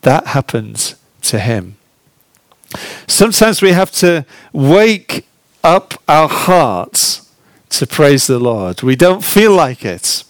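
Earnest high-voiced male preacher, unhurried. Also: very animated, dry recording. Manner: earnest, conversational preaching with rhetorical questions. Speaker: pastor. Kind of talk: sermon.

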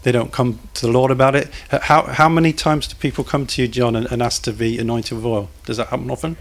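A man's voice: mid-range voice, steady tone, fast. A man preaching a sermon in a church, talking conversationally, putting questions to the congregation and cracking small jokes.

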